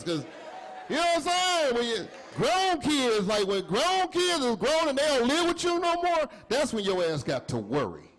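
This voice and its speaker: Lively high-voiced stand-up comedian. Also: male voice. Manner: animated storytelling with acted-out dialogue. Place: comedy club stage with audience. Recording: live set with faint crowd. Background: audience laughter.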